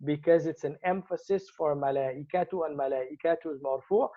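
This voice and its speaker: A man's voice: on the high side, rapid-fire, mellow. Man teaching grammar over a tinny line. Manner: explains patiently, repeats words for emphasis. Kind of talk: Quranic grammar lesson. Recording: tinny phone-like sound.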